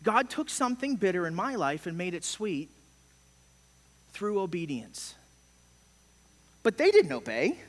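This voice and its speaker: A man's voice: high voice, very animated, a little slow, pauses often. A middle-aged man preaching a sermon as pastor, impassioned and emphatic, with sudden swells and drops in force. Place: church sanctuary. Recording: long church hall reverb.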